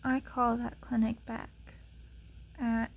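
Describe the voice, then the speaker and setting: A young adult woman vlogging, telling a frustrating story in a sarcastic, exasperated way with many "like" fillers and sometimes dropping to a soft whisper. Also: on the high side, little pitch movement, takes it slowly, gravelly, slightly rough, dull audio. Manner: drops to soft whispers at times. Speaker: ASMR channel vlogger. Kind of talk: casual storytelling rant.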